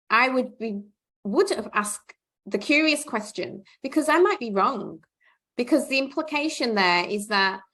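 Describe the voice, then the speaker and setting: Woman, podcast host, casual conversation, gravelly voice, reflective, thinks aloud. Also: on the high side, fairly bright tone.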